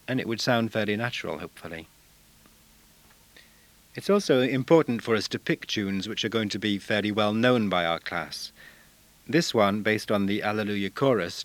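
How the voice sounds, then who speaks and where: A male language teacher giving a measured, explanatory talk on using songs in class, now and then singing short examples. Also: lowish voice, fairly bright tone, no echo.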